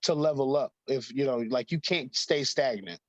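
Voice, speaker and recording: A man's voice: mid-range voice, normal speed, dry recording, lo-fi sound. A man in his thirties, a guest talking casually in an interview, rambling with many fillers and frequent laughter. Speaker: guest, fighter.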